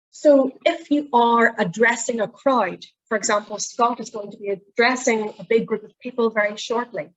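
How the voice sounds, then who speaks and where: A woman's voice: fairly high pitch, highs cut off. Chatty Northern Irish woman teaching speech. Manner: chatty, explains with demonstrations of voice habits. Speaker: presentation skills trainer. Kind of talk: online workshop teaching.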